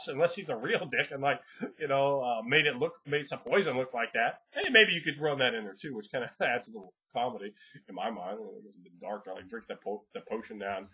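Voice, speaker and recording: A man giving casual game master advice in a rambling, profane way, laughing often and acting out players in quick voices. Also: mid-range voice, breathy edge. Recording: dull lo-fi home recording.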